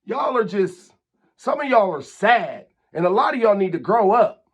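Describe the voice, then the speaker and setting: A man's voice: sits high, sing-song, normal speed, breathy edge, lo-fi sound. A man, hosting his own vlog and delivering a heated, repetitive, scolding rant at a neighbor. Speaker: channel host.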